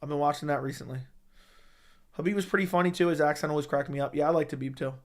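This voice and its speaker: A young man hosting a casual livestream, reading viewer comments in a laid-back, low-key way and swearing casually. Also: steady tone, quick pace. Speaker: livestream host reading chat.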